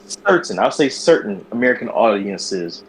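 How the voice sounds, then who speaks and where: A man co-hosting a podcast, telling a news story in a loose, animated way with slang and swearing. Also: on the low side, moderate pace, a little hiss or hum, rough recording. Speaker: podcast co-host. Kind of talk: casual chat.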